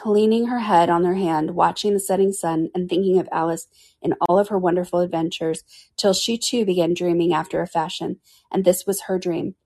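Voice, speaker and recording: Lady narrating a storybook, lower voice, steady even reading. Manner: steady, measured reading aloud. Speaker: reader.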